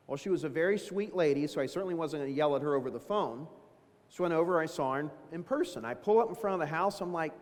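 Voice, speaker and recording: A man's voice: fairly high pitch, fast talker. A man in his fifties from Ohio gives a motivational business talk, telling folksy stories with self-deprecating asides. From Dayton, Ohio. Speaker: keynote speaker. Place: large event hall. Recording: long reverb of a hall.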